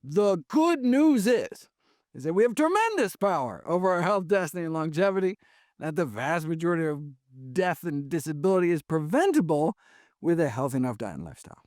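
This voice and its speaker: A man, a physician guest, answering in an animated, emphatic conversational style, often tagging points with "right?". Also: fairly high pitch, a little fast, no room sound, studio quality. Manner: animated, emphatic, frequent "right?" and "you know".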